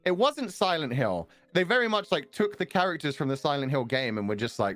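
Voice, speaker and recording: A man's voice: on the high side, sing-song, brisk, a bit bright. A man with a British accent, chatting casually as a stream guest, dry and joking, laughing often.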